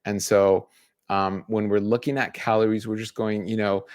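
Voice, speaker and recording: A man's voice: fairly low pitch, level tone, normal speed, no echo, studio quality. A middle-aged man, a dietitian, talking casually through a list of food label tips, with restarts and fillers. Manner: conversational, restarts and fillers, enumerating points. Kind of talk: casual educational talk.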